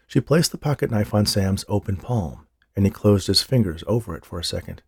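Steady male narrator, dark and husky, for an audiobook. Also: fairly low pitch, a little fast, no room sound, clean studio sound. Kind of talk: scripted narration.

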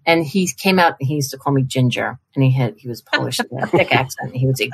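A woman's voice: extremely low pitch, fast, vocal fry, few pauses, breathy edge. An older woman, a publishing marketing executive, telling stories in a casual chat and acting out the voices she quotes. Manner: chatty, acts out quoted voices. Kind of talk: casual storytelling in a conversation.

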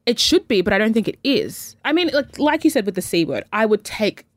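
A woman's voice: medium pitch, big pitch swings, brisk, dry recording. Chatty woman podcast host. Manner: talks in long reflective runs and acts out quoted lines. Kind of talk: casual chat.

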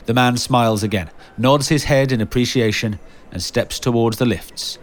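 A man hosting and narrating a podcast in a measured, scene-setting way. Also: medium pitch, slight background noise. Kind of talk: scripted narration.

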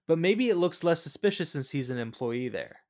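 A man's voice: fairly high pitch, expressive, brisk, a little mellow. A man co-hosting a casual movie podcast, joking, laughing often and trailing off mid-sentence. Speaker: podcast co-host.

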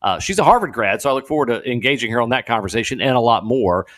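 A man guest-hosting a talk radio show, talking in an animated, incredulous way with laughing asides. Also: medium pitch, fast. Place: radio studio.

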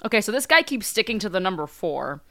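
Lively woman chiming in. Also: mid-range voice, fast talker. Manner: lively interjections, code-switches into Spanish. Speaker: podcast co-host. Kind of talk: casual chat, reacting.

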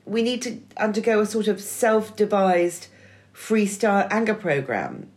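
A woman's voice: mid-range voice, big pitch swings, measured pace, darkish tone. A middle-aged woman co-hosting a podcast, talking in a wry, emphatic way and swearing freely. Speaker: podcast co-host. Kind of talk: scripted-sounding conversational essay.

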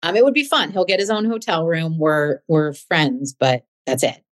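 A woman's voice: sits low, normal speed. A woman hosting a podcast, telling a personal story in a chatty, rambling way full of fillers. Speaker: podcast host. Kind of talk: casual storytelling chat.

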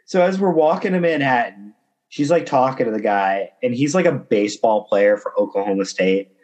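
Young man, casual podcast chat, storytelling, mid-pitched, voices quotes higher. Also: lively intonation, normal speed, darkish tone, lo-fi sound.

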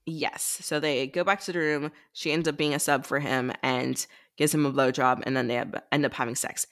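A woman's voice: rumbling low, fairly even intonation, moderate pace, a bit bright. A woman co-hosting a podcast, leading a casual book-club chat and recapping the plot with quoted lines from the characters.

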